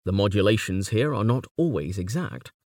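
A man giving a slow, measured reading of a textbook on poetry. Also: lowish voice, lively intonation, a little mellow, no echo, clean studio sound.

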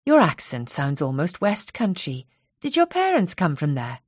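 A woman reading a story gives a newly arrived mother a polite, measured and curious voice. Her tone sits fairly low, and the sound is dry and close. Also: huge pitch swings, no room sound.

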